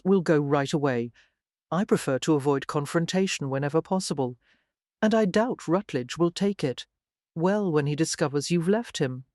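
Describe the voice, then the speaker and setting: The audiobook narrator voicing a charming, teasing aristocratic gentleman with a wry manner. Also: medium pitch, no echo, clean studio sound, lightly acted. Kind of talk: audiobook character voice.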